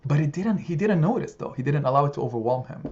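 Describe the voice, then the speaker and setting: A man's voice: a little high, expressive, fast talker, a little mellow. A man teaching an impassioned weekly Quran study lesson, speaking emphatically, repeating phrases and asking rhetorical questions, in a slightly muffled recording. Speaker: religious study group teacher.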